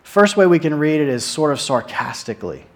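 A man's voice: a little high, lively intonation, fairly quick. A man preaching a sermon in an earnest way, often repeating words as he stresses a point.

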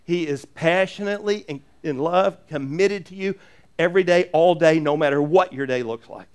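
A man preaching a sermon as pastor, earnest and animated, with jokey asides and lots of repeated restarts. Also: fairly high pitch, moderate pace, clean tone.

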